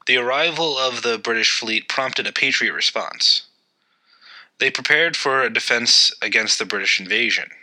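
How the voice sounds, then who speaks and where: Bright-toned man hosting a history podcast. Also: medium pitch, normal speed, poor audio. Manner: conversational, loose, with fillers. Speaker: podcast host. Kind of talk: casual history narration.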